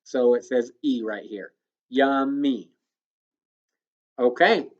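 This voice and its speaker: A male elementary school teacher giving a recorded phonics lesson to children, patiently explaining step by step and sounding words out slowly. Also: fairly high pitch, expressive, dull audio.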